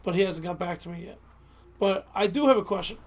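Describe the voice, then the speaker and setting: A woman's voice: medium pitch, fairly quick. A woman with a Delco accent from Delaware County, Pennsylvania, co-hosting a podcast in casual chat, rambling, restarting her sentences and often apologizing. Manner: rambling, self-interrupting, apologetic. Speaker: podcast co-host.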